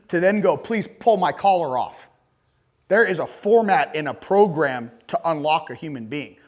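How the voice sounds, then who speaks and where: A man speaking to a conference audience, animated and joking, blunt and crude as he makes his points. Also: high voice. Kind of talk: live talk to an audience.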